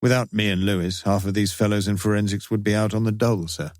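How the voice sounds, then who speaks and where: A man reading the lines of a sharp, self-assured middle-aged detective in an audiobook, with a dry, confident delivery. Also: lowish voice, steady tone, fast, no room sound, close to an everyday voice. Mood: smug.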